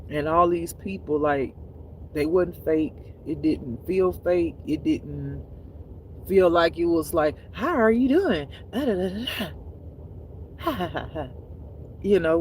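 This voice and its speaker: A man's voice: on the high side, a little hiss or hum. Tired, chatty man on a phone live stream. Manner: chatty, animated, laughs often, addresses viewers as y'all and baby. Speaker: spiritual reader streaming live. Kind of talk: casual live-stream chat.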